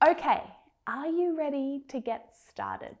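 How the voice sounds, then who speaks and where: An Australian-accented woman teaches English pronunciation from a script, speaking unhurriedly in a high voice with huge pitch swings. She pronounces individual words with clear care and encourages her learners directly.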